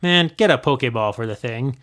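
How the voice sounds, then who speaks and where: Grumbling teen boy, read by a man, flat, disgusted delivery. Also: medium pitch, a little fast, natural voice. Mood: irritated. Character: surly teenage boy who hates Pokemon.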